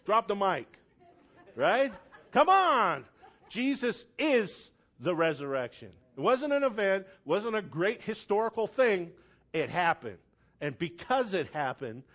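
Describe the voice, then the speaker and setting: Pastor, male, high and very lively voice, sermon delivery that climbs into shouting. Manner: builds to loud shouted declarations.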